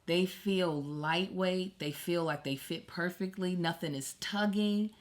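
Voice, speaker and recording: A woman's voice: fairly low pitch, unhurried. A woman in her thirties hosting a podcast, reading a sponsor message in an upbeat way and adding playful asides. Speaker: podcast host. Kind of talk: reading an ad, casual chat.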